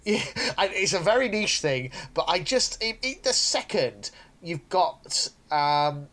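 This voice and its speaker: A man's voice: high voice, big pitch swings, takes it slowly, fairly bright tone. A man chatting on a podcast, rambling with many restarts as he enthuses. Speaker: podcast co-host. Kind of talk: casual podcast chat.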